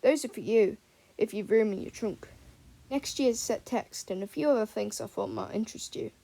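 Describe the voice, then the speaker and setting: A woman's voice: on the high side, normal speed, creaky. A woman doing an easygoing old-school wizard professor. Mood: reassuring. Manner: warm, reassuring and chatty.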